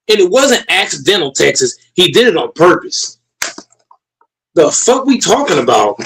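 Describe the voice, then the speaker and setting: A man's voice: high-pitched, fairly bright tone, low-quality recording. A man streaming a heated, profane rant, repeating himself and talking straight to his chat.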